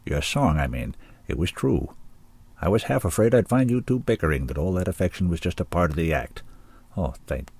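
A man reading aloud voices a kindly old hippie wizard, speaking softly, low and earnestly. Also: expressive, brisk, vocal fry, husky, no echo, heavily acted. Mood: earnest, relieved.

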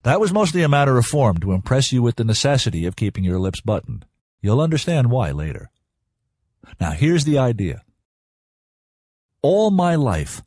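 A man voicing a calm young scientist who speaks evenly and with authority, in an audiobook. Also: lowish voice, breathy edge, no room sound, clean studio sound. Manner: even, measured, commanding. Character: calm adult male young scientist, dryly humorous.

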